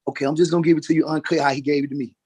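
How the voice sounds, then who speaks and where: A man testifying as a witness in a courtroom, halting and repeating words as he goes. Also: fairly high pitch, fairly even intonation, mellow, husky. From Atlanta, Georgia, US.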